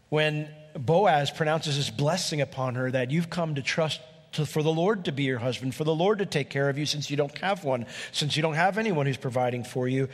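A man preaching an evening sermon, reading scripture aloud and explaining it earnestly, with rising emphasis on his key points. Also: medium pitch. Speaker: pastor. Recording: long reverb of a large hall.

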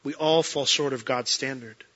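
A man preaching a sermon as a pastor, earnest, swinging between emphatic peaks and soft, quiet moments. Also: mid-range voice, fairly even intonation, moderate pace, highs cut off.

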